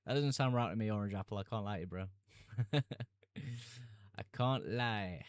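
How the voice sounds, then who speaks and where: A young man chats on a live stream in a relaxed, easygoing way, reading out viewer comments and laughing as he goes. His voice sits fairly low and sounds smooth and clear. It comes across as close and dry, with no room sound. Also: a little slow, no room sound. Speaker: fantasy football streamer. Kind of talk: casual live-stream chat.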